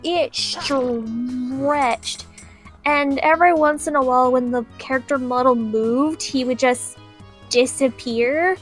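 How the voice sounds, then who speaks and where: A woman's voice: high-pitched, normal speed, faint music behind. A woman in casual chat about video games, telling stories with giggles. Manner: chatty, giggling, animated storytelling. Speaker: co-host.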